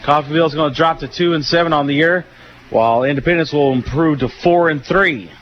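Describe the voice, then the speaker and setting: A man's voice: on the high side, a little fast, a little hiss or hum. Tired Southern man calling football on radio. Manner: relaxed, folksy, frequent fillers. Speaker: play-by-play announcer. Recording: dull lo-fi radio broadcast.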